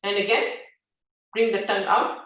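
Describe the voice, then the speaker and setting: With a mid-range, steady voice at a normal pace, a woman yoga instructor gently leads a breathing exercise during a live class, frequently asking "yeah?" and using fillers. She's recorded from a distance in a very echoey space, and the audio sounds dull.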